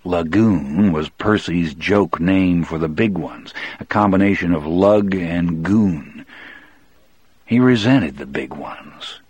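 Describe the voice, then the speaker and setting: A man reads a novel aloud in the first person with a measured, deliberate delivery. His voice sits very low for a man. The recording is close and dry, with no room sound. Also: darkish tone, slightly rough, no room sound, muffled recording. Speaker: audiobook narrator.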